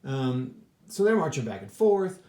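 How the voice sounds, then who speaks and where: A man's voice: medium pitch, big pitch swings, a little slow, mellow. A man casually thinking aloud as he reviews a board wargame he played, rambling and restarting his sentences with lots of fillers. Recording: echoey room.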